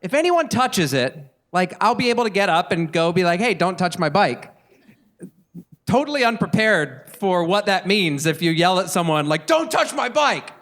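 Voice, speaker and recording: A man co-hosting a live podcast on stage, telling a story in an animated way and laughing as he goes. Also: sits high, moderate pace. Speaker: podcast co-host. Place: live stage in front of an audience.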